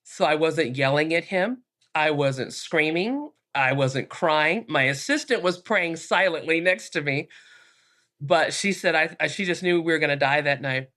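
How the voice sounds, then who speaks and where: A woman, a minister and podcast guest, calmly telling a personal story with frequent fillers. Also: low voice. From United States.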